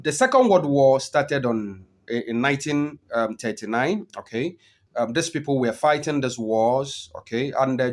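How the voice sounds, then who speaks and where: A man giving an unscripted history lesson, often pausing with "okay" and "um" and repeating his key points. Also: on the high side. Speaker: history teacher.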